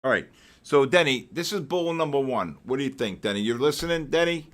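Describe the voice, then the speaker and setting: A man hosting a live trading stream, excitable and joking as he calls out market moves to his viewers. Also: medium pitch, brisk. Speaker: host of a live trading session.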